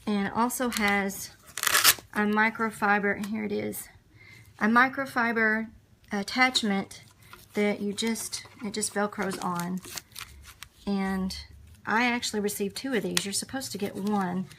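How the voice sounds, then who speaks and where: Woman, casual home product demo, plainspoken, recorded on a phone with steady background noise. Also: mid-range voice, unhurried. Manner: plain, conversational, walks through features. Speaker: product reviewer.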